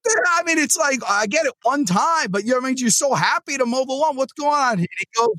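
Animated, high-voiced male podcast host. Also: brisk, hardly any pauses, no echo. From New Jersey. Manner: animated and rambling, with many restarts. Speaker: podcast host and sales trainer. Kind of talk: casual motivational monologue.

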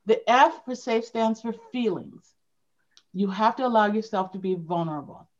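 A woman's voice: medium pitch, animated, normal speed. A woman speaking as a sales leader guest in a conversational interview, emphatic and repeating her key phrases. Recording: dull lo-fi sound.

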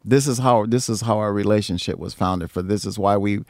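A man telling stories in a casual chat, swearing freely, laughing often and jumping into loud, high mimicry. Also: a little fast, no room sound, studio quality. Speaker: guest musician. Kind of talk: casual storytelling.

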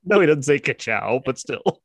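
A man's voice: medium pitch, expressive, moderate pace, dry recording. A man hosting a casual podcast chat, playful and laughing often as he runs a quiz. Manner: playful, laughs often, reads quotes in put-on voices. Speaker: podcast host running a quote quiz.

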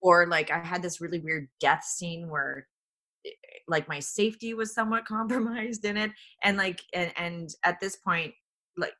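Bright-voiced woman in her forties. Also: lowish voice, moderate pace. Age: 40s. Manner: animated, restarts often, acts out quoted people. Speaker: actress guest. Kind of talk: candid conversational storytelling.

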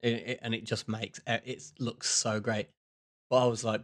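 A man's voice: lowish voice, little pitch movement, normal speed, a bit bright. Man, podcast co-host, casual, rambling, self-mocking. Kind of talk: casual chat.

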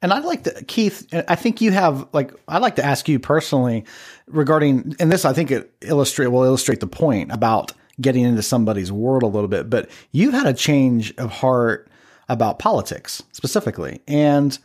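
Male podcast host, halting questions, mid pitch. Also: lively intonation, a little mellow, slightly rough. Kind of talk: interviewing.

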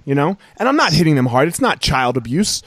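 Lively, high-voiced man telling a story. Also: brisk, no echo. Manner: animated storyteller. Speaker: podcast host. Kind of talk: casual podcast conversation.

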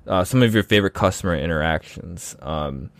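Laid-back low-voiced man telling stories. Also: a little fast, gravelly, no echo. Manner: animated, acts out quoted voices. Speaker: podcast host. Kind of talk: casual podcast storytelling.

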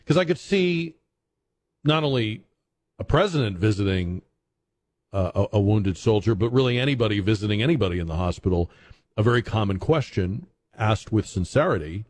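Male talk radio host, sarcastic rhetorical commentary, animated pitch. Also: a little fast. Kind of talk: opinion commentary.

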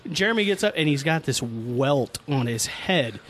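A middle-aged man hosting a podcast, telling a childhood story in a profane, animated way and laughing as he goes. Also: on the high side, moderate pace, a little hiss or hum. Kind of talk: casual storytelling among friends.

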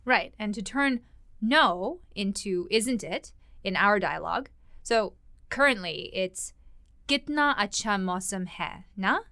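A woman teaching a language lesson, explaining words and phrases in a clear, explanatory way. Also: medium pitch, expressive, slow, bright, forceful tone, no echo, clean studio sound.

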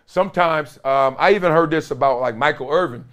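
A man hosting a show, telling football stories in a casual, animated way, laughing often and acting out other people's lines in a raised voice. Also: fairly high pitch, fairly quick. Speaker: former NFL player and podcast host. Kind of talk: casual storytelling chat.

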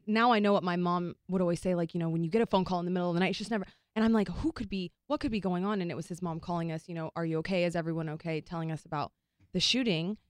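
Woman, casual storyteller, lively quoting, dry mic. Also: on the low side, no room sound. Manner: animated storyteller, acts out quotes. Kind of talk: casual chat.

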